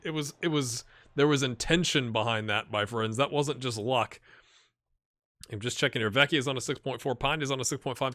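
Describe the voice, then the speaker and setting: Excitable man commentating his football game. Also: mid-range voice, normal speed. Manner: excitable, swings from mumbling to shouting at near misses. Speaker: gaming YouTuber. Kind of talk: let's-play commentary.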